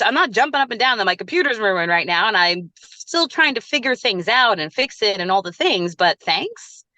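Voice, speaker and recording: Animated woman telling a candid story. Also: medium pitch, no echo. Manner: animated, acts out her own quoted lines. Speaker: podcast guest, resilience coach.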